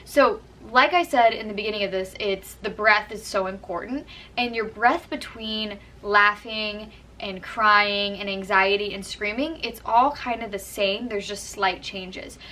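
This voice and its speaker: Brief: young woman vlogger, chatty and earnest, bright tone, mic a little distant. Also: mid-range voice, unhurried, few pauses. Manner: chatty, earnest, frequent "like" and "kind of". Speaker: vlogger giving acting tips. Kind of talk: casual how-to talk to camera.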